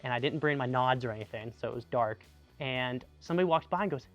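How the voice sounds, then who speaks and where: The recording is muffled and dry with no room sound, and faint music sits behind a young army veteran from Tucson, Arizona. He talks fast in a mid-range voice, animatedly relaying anecdotes full of "like" and restarts.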